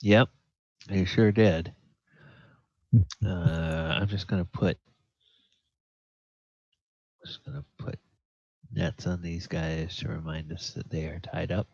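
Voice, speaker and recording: An easygoing male game master running a tabletop game over a voice call, pausing on fillers as he goes. He speaks slowly in a lowish voice. The call audio is dry and dull. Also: flat delivery, creaky, darkish tone, dry recording. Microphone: online voice call.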